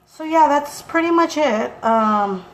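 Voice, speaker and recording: A young mother talks straight to her viewers in a loose, unfiltered way, swearing without a second thought. She acts out what her family said with lively energy. Faint room noise sits under the voice. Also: high-pitched, slow. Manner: chatty, blunt, swears freely, acts out quotes animatedly. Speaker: vlogger, mother of two. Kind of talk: casual chat to viewers.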